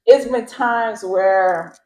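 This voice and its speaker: A woman's voice: medium pitch, extremely slow, rough recording. A woman co-hosting a casual podcast chat, telling earnest personal stories. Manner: earnest storyteller, lively reactions. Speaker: podcast co-host.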